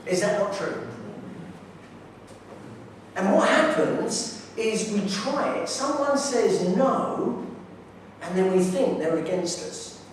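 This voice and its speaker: A conference speaker delivers a preaching talk full of anecdotes about his neighbours, enthusiastic and direct. His voice sits high with lively intonation, and he takes it slowly, pausing often. The recording is distant in a large echoey hall, with slight background noise.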